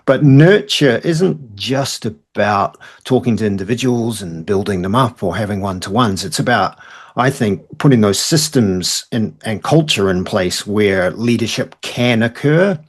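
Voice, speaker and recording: A man with a low voice reflects aloud in a casual podcast conversation. He works through his ideas step by step, sometimes restarting a phrase as he goes. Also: lively intonation, measured pace, husky. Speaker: podcast co-host.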